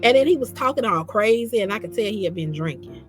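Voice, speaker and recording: Animated woman telling her story. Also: medium pitch, fast, faint music behind. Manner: animated, repeats phrases, quotes herself in dialogue. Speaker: guest recounting her own story. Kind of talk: casual storytelling.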